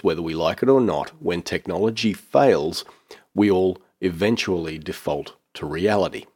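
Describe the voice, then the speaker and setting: Low-voiced man hosting a podcast. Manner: relaxed, chatty, with frequent "uh" fillers and small laughs. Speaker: podcast host. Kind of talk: casual podcast talk and reading a listener's essay.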